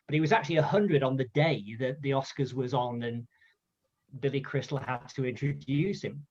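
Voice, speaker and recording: A man from the UK recounting an anecdote in a chatty, animated way at a storytelling event. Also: mid-range voice, moderate pace, dull audio. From United Kingdom. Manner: chatty, animated, acts out voices in quotes. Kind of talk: casual storytelling talk.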